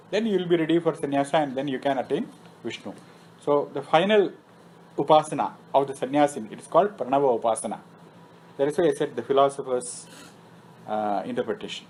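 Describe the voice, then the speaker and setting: In a temple meeting room, a man with a voice on the high side gives a scripture lecture on Vedic philosophy, captured on a low-quality recording. He recites Sanskrit terms, explains them, and often asks himself questions before answering them.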